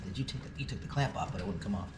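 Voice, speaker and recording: A man's voice: lowish voice, animated, rapid-fire. A man hosting a casual car-repair vlog, joking and teasing as he works in his shop. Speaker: channel host. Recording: echoey, distant mic, loud noise.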